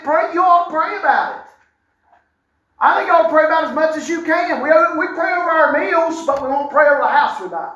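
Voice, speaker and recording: A middle-aged man preaching a sermon as a pastor, folksy and animated, with wry asides. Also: very high voice, moderate pace. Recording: echoey room sound.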